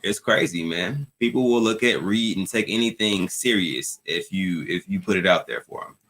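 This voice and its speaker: Bright-voiced man hosting a livestream. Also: low-pitched, normal speed. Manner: loose, slangy, talks straight to viewers. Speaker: livestream host. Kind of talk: casual livestream chat.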